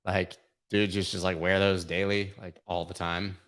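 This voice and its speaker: A man with a lowish voice hosts a livestream, talking through market charts in a loose, profane way. He mocks trolls and jokes as he goes. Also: level tone, normal speed, fairly bright tone. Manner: irreverent, profane, mocking. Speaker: crypto livestream host. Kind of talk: casual livestream chart commentary.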